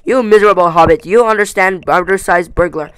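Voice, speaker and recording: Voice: medium pitch, normal speed, smooth, no echo, close to an everyday voice. A proud dwarf king in a rage, barking out curses and threats with a raised, strained voice, as a home reader puts him on. Lines come out in bursts, with stumbles and restarts. The reading is not polished. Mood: furious. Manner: shouting, stumbling over words.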